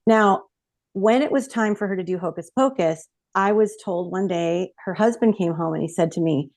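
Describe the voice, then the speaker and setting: A woman telling a personal story in a lively, expressive way on a podcast. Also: on the low side, moderate pace. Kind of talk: casual storytelling.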